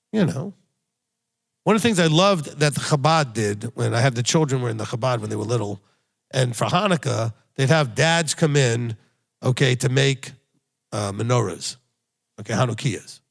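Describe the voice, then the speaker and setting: A man's voice: medium pitch, gravelly. A man, a rabbi, giving a sermon with blunt, emphatic exhortation and repeated key phrases. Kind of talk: recorded sermon teaching.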